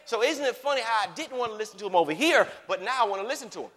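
A male preacher with a high, bright voice delivers a lively sermon. He keeps asking his listeners if they follow, dropping to hushed asides and rising to shouts. His words ring out with a long hall reverb. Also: rapid-fire. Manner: animated, repeatedly checks in with the audience.

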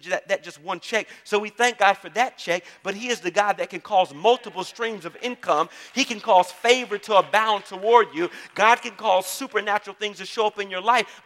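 A man's voice: high-pitched, fairly bright tone. A male pastor preaching a sermon in a church, emphatic, often checking in with the congregation and repeating key phrases. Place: church sanctuary. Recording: long reverb of a large hall.

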